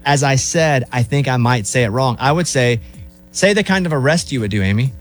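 A man's voice: mid-range voice, fairly quick, soft background music. A man hosting a radio show, bantering casually with his co-hosts in the studio.

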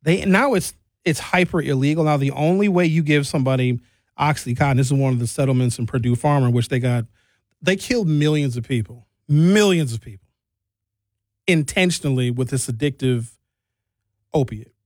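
A man giving an animated, emphatic commentary monologue with big jumps in emphasis. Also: normal speed, dry recording. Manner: animated, emphatic, jumping pitch.

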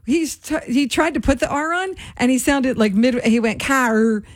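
A woman's voice: sits high, expressive, normal speed, dry recording, studio quality. A woman co-hosting a radio talk show, chatty and amused. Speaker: radio co-host. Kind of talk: casual radio banter.

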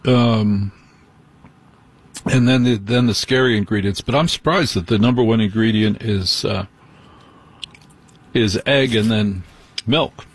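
Host: medium-pitched, slightly husky man, casual and teasing with callers. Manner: chatty, teasing, quick to interrupt. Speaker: radio host. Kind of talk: late-night call-in radio.

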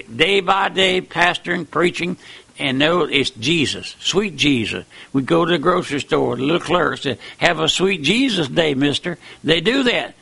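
A man preaching a fervent sermon, emphatic, with wide swings in loudness. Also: a little high, creaky, breathy edge.

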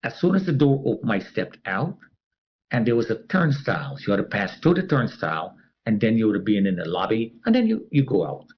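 A man's voice: lowish voice, very animated, a little fast, lo-fi sound. A man telling a personal story as an interviewee. He talks animatedly and acts out the other people's voices.

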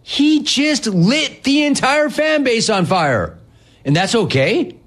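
A man's voice: very high-pitched, very animated, slow, a bit bright. A man hosting a sports talk show, ranting in a sarcastic, mocking, incredulous way. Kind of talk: opinionated sports rant.

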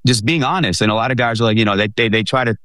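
A man co-hosting a sports talk show, talking in an animated way with many fillers. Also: mid-range voice, racing, no room sound.

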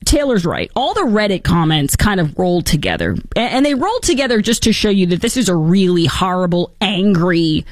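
A woman's voice: lowish voice, sing-song, brisk, few pauses, no echo. A woman hosting a talk show, chatting casually and animatedly, often laughing.

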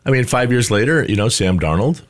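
A man's voice: medium pitch, lively intonation, fast talker. A man co-hosting a podcast, chatting casually about a TV show and rambling through his points. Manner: rambling, full of restarts. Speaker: podcast co-host.

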